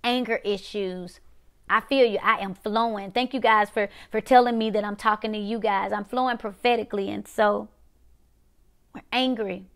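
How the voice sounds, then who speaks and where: A woman's voice: medium pitch, fairly even intonation, moderate pace. A middle-aged woman preacher delivering a prophetic sermon, repeating short phrases in a rhythmic call-and-response cadence.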